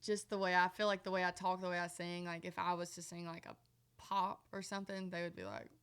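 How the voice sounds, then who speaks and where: Young mississippi gal, real thick country accent, kinda gravelly, rambles and trails off a lot. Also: female voice, fairly low pitch, a little fast, fairly bright tone. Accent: Mississippi Southern. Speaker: guest country singer. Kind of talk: casual chat.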